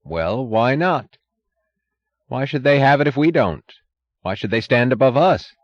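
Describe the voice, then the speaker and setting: A man's voice: mid-range voice, normal speed, no room sound, highs cut off, voice pushed up, close to an everyday voice. A man reading an audiobook, voicing a bitter, overwrought middle-aged tycoon with a trembling, feverish intensity.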